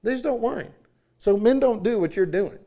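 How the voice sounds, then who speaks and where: Man, middle-aged, folksy sermon, fairly high voice, storytelling. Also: expressive, moderate pace, dark tone. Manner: folksy, acts out voices in anecdotes. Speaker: conference speaker. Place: church sanctuary.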